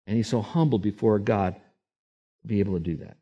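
A man preaching a sermon, animated and acting out voices when he quotes people. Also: fairly low pitch, brisk, pauses often. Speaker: pastor.

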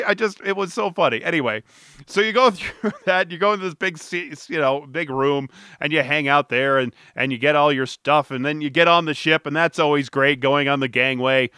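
A man's voice: fairly high pitch, normal speed, pushed and bright, clean tone, no echo, studio quality. A man hosting a podcast who tells stories casually, rambling and cutting himself off, with an amused tone. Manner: rambling, self-interrupting, amused. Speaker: podcast host. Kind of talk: casual storytelling monologue.

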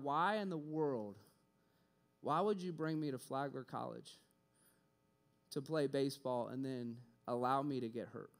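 Building his sermon on a personal story, a young preacher speaks in a medium-pitched voice, lively and animated, playing both parties in conversations and repeating words whenever his excitement rises.

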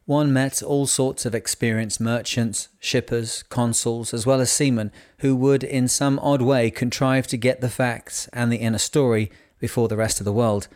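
A man narrating a novel in a measured, unhurried reading voice. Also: mid-range voice, steady tone, darkish tone. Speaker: audiobook narrator. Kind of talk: scripted narration.

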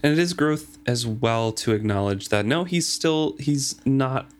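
A man co-hosting a casual book discussion, relaxed and agreeable, who sometimes reads passages aloud. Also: mid-range voice, a little slow. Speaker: book podcast co-host.

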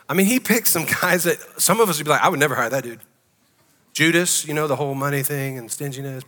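In a church sanctuary with the acoustics of a large hall, a pastor preaches a sermon in a sharp, highish voice, emphatic yet conversational, putting questions to the congregation.

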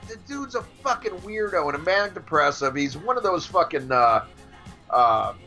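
Male podcast host, foul-mouthed ranter, pitch jumps all over. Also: big pitch swings, normal speed, pushed and bright, soft background music. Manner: profane, ranting, mocking. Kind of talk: casual podcast banter.

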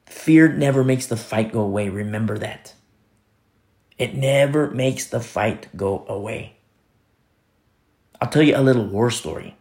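A man's voice: mid-range voice, measured pace, pauses often, darkish tone. A man preaching a sermon, stressing points by repeating phrases and telling stories with casual asides. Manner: storytelling asides with fillers.

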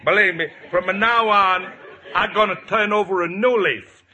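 An actor playing a scheming, blustering middle-aged Italian shopkeeper with an Italian accent and broken English, in a 1940s radio sitcom. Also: male voice, high-pitched, moderate pace, bright, forceful tone. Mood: wheedling.

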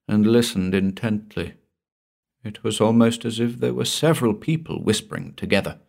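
A man's voice: lowish voice, creaky. A man narrating a horror story in a tense, dramatic audiobook style.

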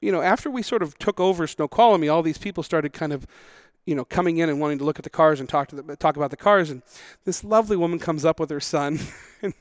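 A man hosting a casual car podcast, rambling and self-mocking, quick to laugh. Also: fairly high pitch, no echo, studio quality. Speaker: podcast host. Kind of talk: casual chat.

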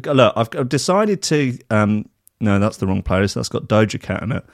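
A man's voice: lowish voice, big pitch swings, normal speed, creaky, dry recording. Sweary rambling man, dry sound. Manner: sweary, self-mocking, rambling with many restarts. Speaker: host of a drinking chat show. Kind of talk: casual rambling chat.

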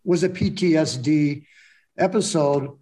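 A man speaking reflectively in a candid, casual conversation, often pausing and restarting. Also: fairly high pitch, warm tone.

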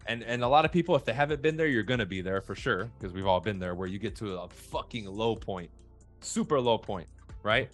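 A man talking bluntly and profanely in a casual podcast chat, telling stories with animated quoted voices. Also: lowish voice, fairly quick, faint music behind.

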